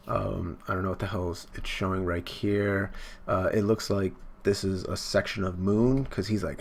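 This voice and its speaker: Manga reaction host, low gravelly voice, rambling, filler-heavy, swears casually. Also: male voice, steady tone, moderate pace. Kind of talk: casual manga chapter read-along.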